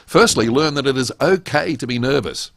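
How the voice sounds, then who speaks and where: A man's voice: mid-range voice, animated, normal speed, gravelly, a bit bright, no room sound, studio quality. A middle-aged man giving a webinar lecture on public speaking, emphatic and full of rhetorical questions.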